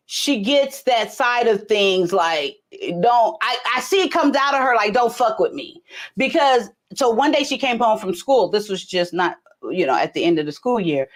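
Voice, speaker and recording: A middle-aged woman hosting a casual live chat, telling profane stories and acting out the dialogue. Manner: animated, profane, acts out dialogue in high voices. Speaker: host.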